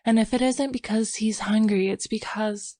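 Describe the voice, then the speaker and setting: A woman voicing an anxious young wife in wartime Paris, her pitch raised and pleading, recorded dry and close. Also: moderate pace, a little mellow, no echo, natural voice. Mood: nervous.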